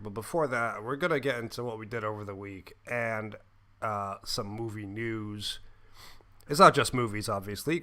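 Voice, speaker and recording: A young man with a bright, forceful voice chats loosely on a podcast he co-hosts. He jokes around and fills his talk with "uh" and "like" as he rambles. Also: mid-range voice. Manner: jokey, rambling with fillers. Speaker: podcast co-host. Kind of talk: casual chat.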